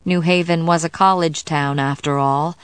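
A woman narrates a novel with a low-pitched voice, in measured and even tones. The recording is dry and close, with no room sound. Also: smooth, dry recording. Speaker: audiobook narrator. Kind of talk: scripted narration.

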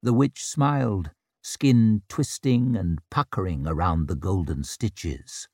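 A man giving measured, grave narration of a dark fantasy audiobook. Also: sits low, no echo, clean studio sound.

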